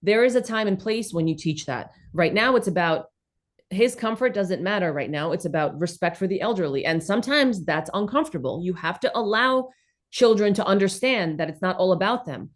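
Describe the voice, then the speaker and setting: A woman in her thirties with a New York accent, originally from the former Soviet Union, chatting as an interview guest in an animated, emphatic, blunt way. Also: mid-range voice, fairly quick. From former Soviet Union, raised in New York City. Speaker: guest, comedian and content creator. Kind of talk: casual interview chat.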